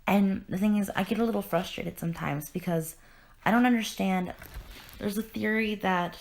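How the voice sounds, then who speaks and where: A woman's voice: medium pitch, moderate pace, creaky. A woman hosting a podcast, retelling a comic in an earnest, emotional way with many restarts. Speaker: podcast host. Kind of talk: casual comic discussion.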